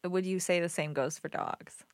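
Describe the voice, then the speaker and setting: Lower-voiced woman co-host laughing along. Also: steady tone, moderate pace, dry recording, studio quality. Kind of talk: casual chat.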